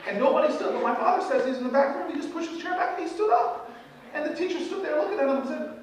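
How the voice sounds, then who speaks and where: A man in his forties giving an animated motivational speech, joking with the audience, recorded from far off in a large event hall. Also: very high voice, quick pace, slight background noise. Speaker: keynote speaker at a leadership event.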